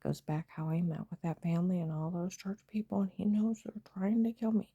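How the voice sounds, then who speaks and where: A woman telling a personal story to camera in an agitated, emphatic way, often dropping into a breathy half-whisper. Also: lowish voice, flat delivery, a little fast, mellow, dry recording, muffled recording. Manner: agitated, emphatic retelling with quoted dialogue.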